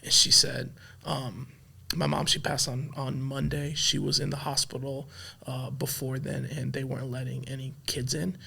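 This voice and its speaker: A man in his thirties, a pastor and podcast guest, telling a personal story in a soft-spoken, halting way with many restarts, emotional and choked up. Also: medium pitch, little pitch movement, gravelly, husky. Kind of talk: candid conversational storytelling.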